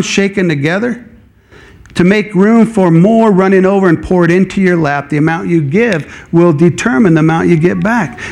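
A middle-aged pastor with a notably high-pitched voice delivers a sermon. He talks in a casual, animated way and often slips into acting out people's worried thoughts. His preaching feels chatty rather than formal. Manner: animated, conversational preaching that acts out inner dialogue.

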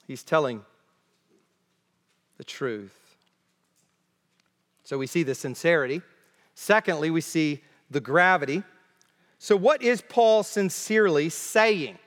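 A man preaching an expository sermon, emphatic and deliberate, repeating key phrases to drive them home. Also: a little high, a bit bright. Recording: long reverb of a large hall.

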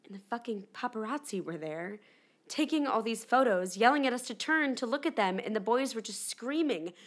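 A woman's voice: fairly high pitch, lively intonation, moderate pace. An actress playing a candid, rattled young female pop star in her twenties, rambling with lots of "like" in a dramatic monologue. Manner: chatty, rambling, lots of "like" fillers. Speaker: actor in an audio drama.

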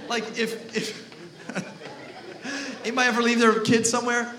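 A male pastor preaching a sermon with lots of energy. He jokes with the congregation and shouts for emphasis. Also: extremely high pitch, steady tone, unhurried, roomy sound, a crowd in the background, noisy background. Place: church hall.

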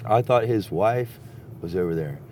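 A man's voice: fairly low pitch, expressive, a little slow, a little mellow, a little hiss or hum. A man telling rambling, profane stories in casual chat, recorded outdoors at a campsite. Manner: rambling, heavily profane storytelling.

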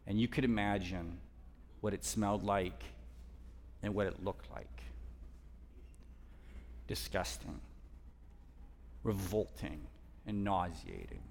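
A man's voice: sits low, expressive, takes it slowly, vocal fry, pauses often, a little hiss or hum. Man preaching in a reverberant hall. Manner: dynamic storytelling, dropping to hushed tones and rising for emphasis. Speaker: guest preacher. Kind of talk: sermon storytelling. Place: church hall.

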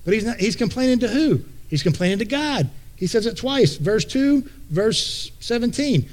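A man's voice: very high voice, lively intonation, moderate pace, a little mellow. A male pastor preaching a conversational sermon in a folksy way, often repeating words as he thinks aloud.

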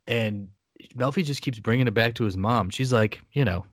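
A man's voice: mid-range voice, moderate pace, no room sound, clean studio sound. A man co-hosting a podcast, chatting casually and steering the talk in a laid-back, wry way. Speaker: podcast co-host. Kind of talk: casual chat.

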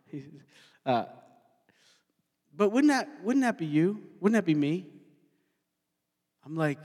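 A male pastor preaching a sermon, talking in an animated way and putting questions to his congregation. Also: sits high, takes it slowly, pauses often, slightly rough. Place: church sanctuary. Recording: long hall reverb.

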